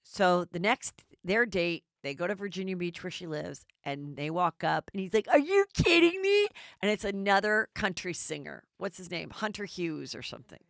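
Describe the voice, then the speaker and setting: A middle-aged woman hosting a podcast, recapping reality TV in a chatty, animated way. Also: lowish voice, moderate pace, gravelly, dry recording, studio quality. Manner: chatty, animated, does voices. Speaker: podcast host.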